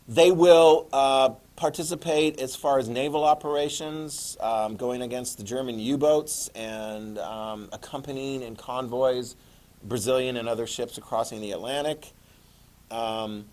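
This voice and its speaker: A man's voice: medium pitch, a little mellow. A man lecturing a classroom of students as their history teacher. He talks in a loose, chatty way, tosses questions out to the class and slips in small jokes.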